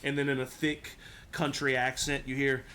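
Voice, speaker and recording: A man's voice: medium pitch, flat delivery, normal speed, over a noisy crowd. A man narrating a tabletop game as game master, casual and laid-back, chuckling often.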